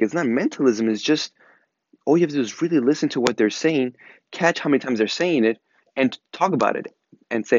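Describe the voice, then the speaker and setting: A man's voice: mid-range voice, lively intonation, brisk, dry recording, dull audio. A man hosting a casual advice monologue, talking earnestly and repeating himself with lots of fillers. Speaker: podcast host.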